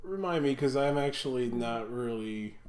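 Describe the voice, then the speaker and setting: A man's voice: medium pitch, animated, normal speed, a little mellow. A man co-hosting a movie commentary podcast, bantering in a teasing, skeptical way. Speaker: podcast co-host.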